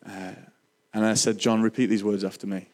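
Male speaker, earnest testimony delivery, somewhat low voice, halting with restarts. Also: level tone, darkish tone. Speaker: Christian speaker sharing testimony. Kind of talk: personal testimony storytelling.

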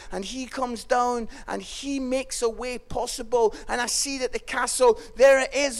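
A Scottish man preaching a sermon and telling stories, moving from hushed tones to loud exclamations. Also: very high-pitched. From Scotland. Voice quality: gravelly, swings from hushed to shouting. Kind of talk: sermon with personal storytelling.

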